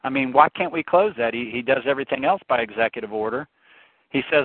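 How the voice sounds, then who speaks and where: A man's voice: mid-range voice, expressive, fast talker, dry recording. A man on a talk show, ranting passionately about politics and telling stories with frequent restarts. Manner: impassioned, storytelling, frequent restarts. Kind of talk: opinionated political rant. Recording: tinny phone-like, dry sound.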